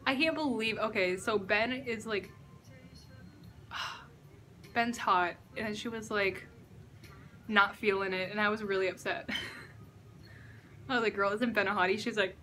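A young woman filming a casual reaction vlog indoors at a friend's house, excitable and gushing and swearing freely. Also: medium pitch, slow pace, pauses often, a little hiss or hum. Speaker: reaction vlogger.

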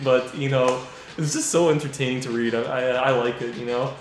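Man giving casual let's-play commentary at a middle pitch, reading game text aloud and laughing, recorded in a very echoey room. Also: fairly even intonation, brisk. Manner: reads game dialogue aloud, laughing often. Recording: very echoey room, faint music.

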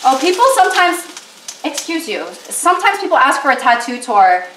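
A chatty young woman with a fairly high voice rambles and jokes while cooking at her home stove. She sits back from the camera mic, so her voice sounds roomy and distant, with a faint sizzle of frying behind her. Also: big pitch swings, moderate pace, a bit bright, slight background noise. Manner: rambling, joking, lots of fillers. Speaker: vlogger. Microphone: camera mic, no separate microphone.

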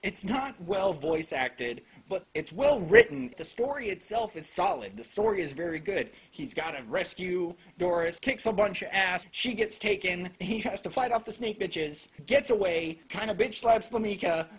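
A man's voice: sits high, normal speed, hardly any pauses, husky. A man giving a casual, sarcastic anime review, full of swearing and jokes. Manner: sarcastic, profane, joking; animated.

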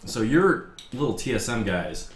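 A man's voice: mid-range voice, sing-song, moderate pace. A man playing a tabletop wargame, coaching his teammate through moves in casual table talk. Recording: roomy room with background noise.

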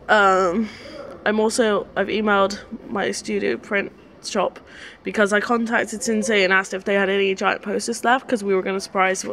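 A young woman chats straight into a handheld camera, joking and wandering from point to point as she vlogs. Her voice sits at an ordinary pitch for a woman, with a faint hum of noise underneath. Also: fairly bright tone. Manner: chatty, jokey, rambling. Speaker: vlogger. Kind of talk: casual travel vlog chat.

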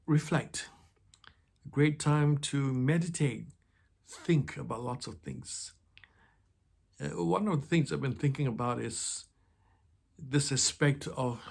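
A man talking slowly and reflectively in an informal devotional talk about faith. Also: mid-range voice, creaky, darkish tone. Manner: slow and reflective, with pauses. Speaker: Christian speaker.

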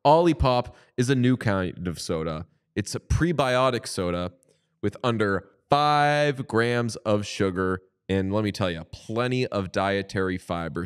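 Guy joking around on a podcast, smooth clear voice, mid pitch. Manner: playful, jokey, animated ad reading. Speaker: podcast co-host. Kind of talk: casual chat with ad read.

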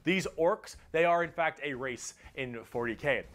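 A man narrating a comedic explainer video in an excitable, jokey manner, swearing freely. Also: fairly high pitch, unhurried. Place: played from a video inside a reaction stream.

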